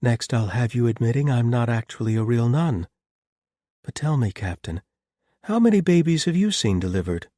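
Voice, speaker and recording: A man's voice: mid-range voice, expressive, moderate pace, mellow, no echo, clean studio sound, voice pushed up, close to an everyday voice. A man voicing a tall, blunt, good-humored woman lay sister, speaking in wry, teasing banter.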